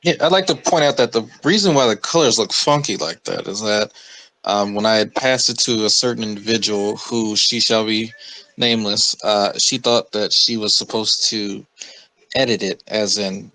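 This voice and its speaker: A man's voice: lowish voice, normal speed, pushed and bright, no echo, poor audio. A man in casual podcast chat, rambling with many fillers and self-corrections.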